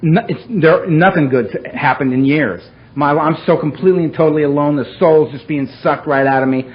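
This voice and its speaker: A middle-aged man speaking at a recovery meeting, telling his own story in a wry, self-mocking way that swings from low and somber to loud and animated. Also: fairly quick. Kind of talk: personal story told to a meeting. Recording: dull lo-fi recording with faint hiss.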